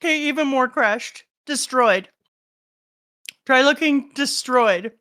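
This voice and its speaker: A woman's voice: high-pitched, slow pace, bright, forceful tone. A middle-aged woman co-hosting a livestream as the host's mother, enthusiastic and directing. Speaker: co-host, streamer's mother. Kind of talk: casual livestream chat.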